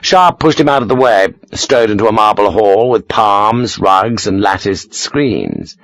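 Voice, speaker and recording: A man narrating an audiobook in an expressive, animated way. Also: lowish voice, unhurried, no echo.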